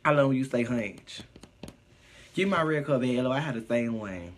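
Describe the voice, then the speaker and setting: A man live streaming casual chat, reading viewer comments aloud and answering them in a sassy, profane, animated way. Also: mid-range voice, normal speed, noisy background.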